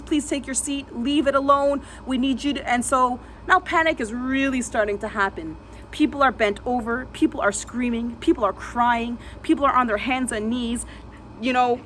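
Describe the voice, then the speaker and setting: A woman vlogger telling a dramatic personal story vividly, re-enacting sounds and dropping to a hush at tense moments. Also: a little high, a little hiss or hum.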